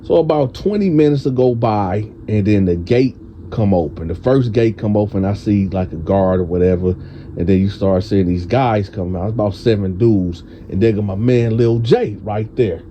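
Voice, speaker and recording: A man tells a prison storytime in a loose, animated, casual way. His voice is very dark and mellow, and he plays out the other people's lines himself. A faint noise hums under the recording. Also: normal speed, lo-fi sound. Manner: animated, acts out friends' voices in a higher pitch.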